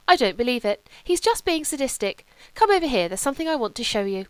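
A woman reading a novel, voicing an excitable young society wife who speaks in high, breathless exclamations. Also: fast, clean tone, no echo. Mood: gushing.

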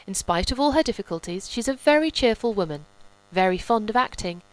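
A woman reading the part of a solemn, placid, pompous gentleman with a grave, measured delivery. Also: medium pitch, lively intonation, no echo, lightly acted, poor audio.

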